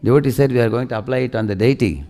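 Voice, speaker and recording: Talking very fast in a mid-range voice, a preacher works through a devotional sermon full of animated stories. He regularly puts questions to those listening.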